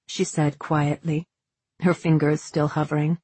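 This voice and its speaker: A woman narrating a fantasy audiobook in a measured, unhurried storytelling manner. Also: lowish voice, a little mellow, breathy edge, dry recording.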